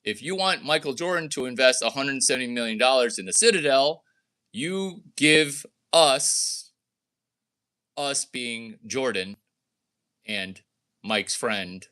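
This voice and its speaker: A man's voice: animated, moderate pace, bright, forceful tone. A man giving a brash, rambling monologue about deals and money, jumping between mock voices and his own. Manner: brash, provocative, jumps between wild pitch swings and mock voices. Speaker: entrepreneur vlogger.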